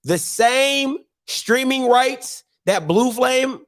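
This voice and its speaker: Man host, very high voice, loose rhetorical riffing, computer mic. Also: expressive, fairly bright tone. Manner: repeats himself, drawn-out rhetorical questions. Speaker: show host. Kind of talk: casual live-stream commentary.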